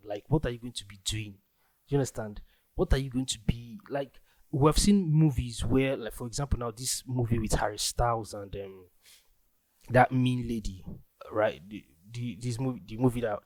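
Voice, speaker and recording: On his laid-back solo podcast, a young man with a Nigerian accent wanders through his ideas, constantly restarting and leaning on fillers like "like." He has a medium pitch with a darkish tone, and the recording is dry.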